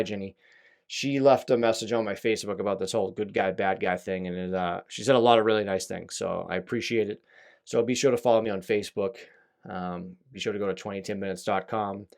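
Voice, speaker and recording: A man's voice: fairly low pitch, brisk, creaky. A young man hosting his own podcast, talking in a rambling, self-deprecating, chatty way. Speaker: podcast host. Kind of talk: casual solo podcast chat.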